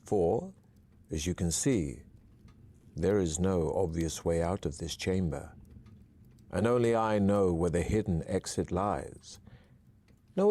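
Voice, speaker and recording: A man doing a deep-voiced dwarf trial master. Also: warm tone. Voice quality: deep, formal, measured. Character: stern old male dwarf trial master.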